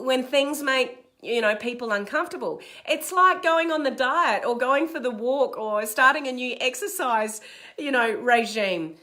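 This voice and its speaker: A middle-aged Australian woman, an online business coach, gives a direct, energetic motivational talk on a live stream, reading viewer comments aloud as she goes. Her voice sits high.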